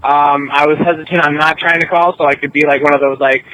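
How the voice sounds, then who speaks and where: Higher-voiced man rambling in a call-in. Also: steady tone, quick pace, pushed and bright, poor audio. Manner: rambling, easygoing. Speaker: podcast caller. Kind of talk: casual recorded call-in message.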